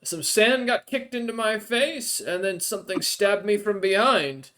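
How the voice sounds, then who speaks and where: A man voicing an ancient, friendly male desert stranger who is chatty and grateful and speaks slowly. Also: high voice, bright, forceful tone, voice pushed up.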